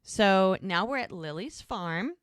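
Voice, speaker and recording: A woman's voice: mid-range voice, takes it slowly, smooth, dry recording, clean studio sound. A woman co-hosting a podcast, retelling scenes in casual chat and animatedly acting out what characters say. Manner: animated storyteller, acts out quoted lines. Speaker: podcast co-host.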